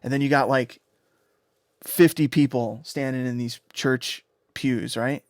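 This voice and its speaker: A man, a music producer on a livestream, explaining sound design in a rambling, excitable way, often swearing and tagging lines with "right?" and "you know?". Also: medium pitch, dry recording, studio quality.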